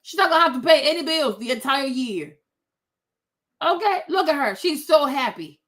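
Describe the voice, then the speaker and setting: A woman's voice: high-pitched, lively intonation, moderate pace, a bit bright. A woman hosting opinionated commentary, blunt and sassy, talking straight to her viewers. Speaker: commentary host.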